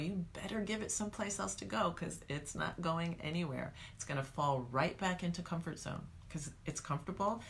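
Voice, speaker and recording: A woman teaching a guided meditation, calm and coaching, speaking straight to the viewer. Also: fairly low pitch, slight background noise.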